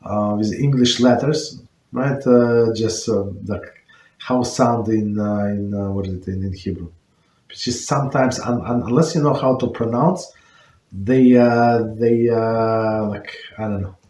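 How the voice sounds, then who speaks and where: A man's voice: lowish voice, a little slow, warm tone, slight background noise. A man, a rabbi, explaining points of religious law to an online class and searching for words as he goes. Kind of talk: answering questions on religious law. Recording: roomy echo.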